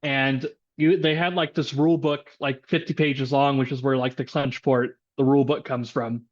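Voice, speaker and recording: A man's voice: medium pitch, little pitch movement, moderate pace, muffled recording. A man who is a voice actor chatting casually on a podcast, loose and laughing easily.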